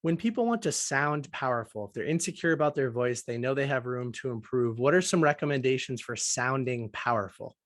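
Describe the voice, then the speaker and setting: A man's voice: medium pitch, lively intonation, brisk, hardly any pauses, dry recording, clean studio sound. A man hosting a podcast over a video call, asking his guest questions in a friendly, upbeat way. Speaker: podcast host. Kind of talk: interview questions.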